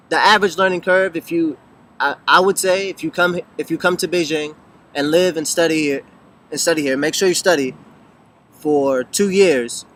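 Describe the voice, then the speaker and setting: A man's voice: fairly high pitch, fairly bright tone. Casual young man answering questions. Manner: thoughtful, many ums and restarts. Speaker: vlogger answering viewer questions. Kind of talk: casual talk to camera. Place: lives in Beijing.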